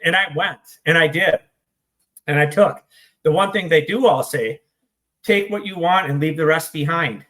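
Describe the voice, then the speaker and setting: A man's voice: a little high, bright, forceful tone. Blunt, hyper man with a raised voice. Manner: blunt and profane; hyper, rapid-fire delivery. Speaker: interview guest in recovery. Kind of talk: candid conversational storytelling.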